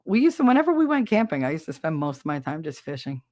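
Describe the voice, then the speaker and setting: A woman's voice: deep voice, sing-song, fast talker, a little mellow, no room sound, studio quality. A middle-aged woman hosting a livestream, chatting casually and laughing as she tells stories and acts out quotes. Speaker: livestream host. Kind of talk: casual chat, reading out viewer comments.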